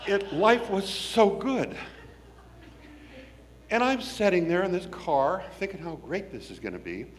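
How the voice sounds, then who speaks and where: Male storyteller, from the Pacific Northwest; wry, folksy, very animated delivery with a slightly raised pitch. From Washington State, US. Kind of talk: personal storytelling.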